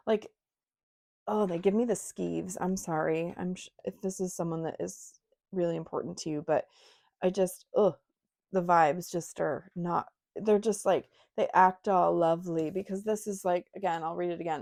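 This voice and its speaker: A woman's voice: mid-range voice, normal speed, gravelly, a little mellow. A young woman giving a casual, intuitive tarot reading to her viewers, talking frankly with lots of fillers and asides. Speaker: tarot reader.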